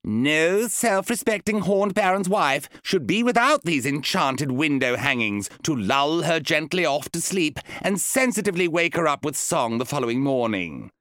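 A man voicing a demanding woman, the wife of a horned baron, who talks in a shrill and insistent way. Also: fairly bright tone, no room sound, clean studio sound.

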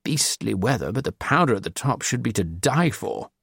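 A man's voice: on the low side, big pitch swings, moderate pace, gravelly, a bit bright, slightly rough, dry recording, studio quality, full character voice. A man voicing a chatty, ingratiating English stranger in his fifties with jolly, upper-crust phrasing. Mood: breezy.

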